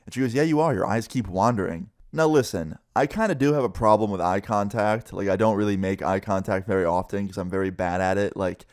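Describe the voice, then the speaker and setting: A young man telling a personal story to camera in a casual storytime vlog, animated and swearing casually. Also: clean tone. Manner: animated, quick shifts in pitch, swears casually.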